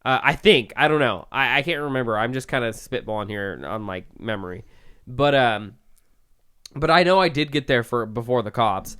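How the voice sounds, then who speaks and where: A young man tells a long story on a casual podcast, swearing freely and padding his sentences with "like". His voice sounds smooth and resonant. He talks at an everyday, middle pitch. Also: animated, normal speed, fairly bright tone. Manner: profane, rambling with many "like" fillers. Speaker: podcast co-host.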